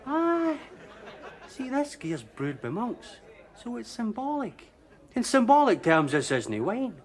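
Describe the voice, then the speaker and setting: A man's voice: extremely high pitch, huge pitch swings, takes it slowly, some chatter behind, exaggerated voice. A sardonic Scottish barman. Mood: sly. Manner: wry, teasing. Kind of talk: TV sitcom acting.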